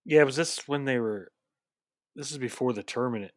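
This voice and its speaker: A man's voice: medium pitch, normal speed, no room sound, studio quality. A man co-hosting a casual wrestling chat, mostly giving short, easygoing replies and now and then adding a thought of his own. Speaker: co-host.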